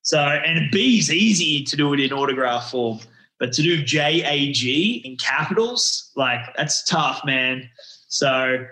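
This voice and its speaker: A man's voice: a little high, animated, unhurried, pushed and bright, reverberant, poor audio. A man in his thirties with an Australian accent, telling stories as a guest in a casual interview, slangy and full of restarts. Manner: rambling storyteller, slangy, many restarts.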